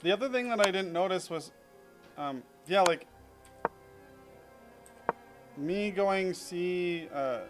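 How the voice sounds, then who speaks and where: A man's voice: high-pitched, measured pace, over music. A young man casually reviewing his own chess game in a rambling, self-critical way, full of fillers.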